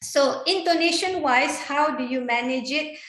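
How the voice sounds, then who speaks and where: A woman, a guest speaker giving lively tips on public speaking in an online panel talk. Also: high voice, moderate pace, echoey room. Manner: energetic, chatty, demonstrates intonation with examples.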